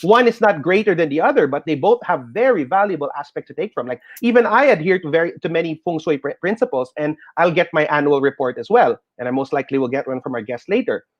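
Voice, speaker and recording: A middle-aged man with a Filipino accent explaining a tarot reading on the radio in an animated, reassuring way. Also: fairly high pitch, fast talker, hardly any pauses. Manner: animated, reassuring, mixes in Tagalog phrases. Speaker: tarot reader guest. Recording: dull lo-fi radio sound.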